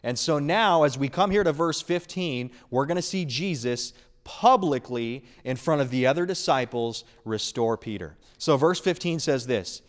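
A man preaching a sermon, earnest and emphatic, swinging between loud stresses and hushed lines. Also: medium pitch, lively intonation, moderate pace, hardly any pauses. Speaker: pastor.

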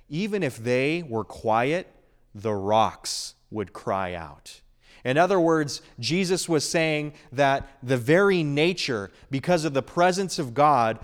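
Male pastor, mid-range voice, earnest and emphatic delivery, builds and eases intensity. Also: medium pitch. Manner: earnest, emphatic preaching with rising and falling intensity. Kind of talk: sermon.

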